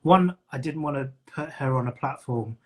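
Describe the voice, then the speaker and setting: A man's voice: medium pitch, normal speed, darkish tone, slightly rough. A man from North London with a well-traveled English accent, chatting casually as a podcast host and telling stories with quoted voices. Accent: mixed English, London with Midlands traces. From North London, England. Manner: storytelling, acts out quoted voices. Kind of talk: casual live-stream chat. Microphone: video call.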